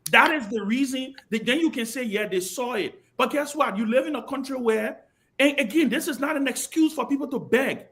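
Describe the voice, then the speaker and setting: A Liberian man with a notably high speaking voice argues hard in a TV studio panel debate. He pushes his points with fervour, doubling back on words to keep the floor. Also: brisk, bright, forceful tone. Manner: passionate, repeats words while holding the floor. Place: television studio.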